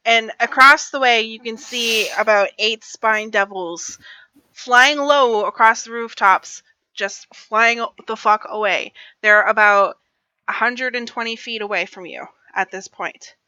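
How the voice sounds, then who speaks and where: A woman narrating as game master in a casual online tabletop session, with quick asides while she runs things. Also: a little high, pushed and bright, clean tone, no echo.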